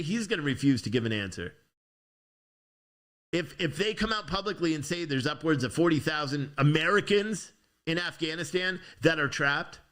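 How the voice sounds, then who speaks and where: A man's voice: on the high side, bright, forceful tone. A young man hosting a news show, ranting angrily with swearing and frequent restarts. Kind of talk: angry political commentary.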